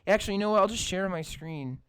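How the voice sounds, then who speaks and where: A man's voice: high-pitched, quick pace, fairly bright tone, smooth, no room sound. A man hosting a casual podcast, ranting in exasperation and swearing a lot as he talks. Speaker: podcast host. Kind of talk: casual profane podcast chat.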